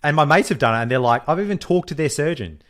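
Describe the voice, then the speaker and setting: A man co-hosting a podcast in casual chat, animated, swearing freely and mimicking others as he tells stories. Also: fairly high pitch, fast. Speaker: podcast co-host.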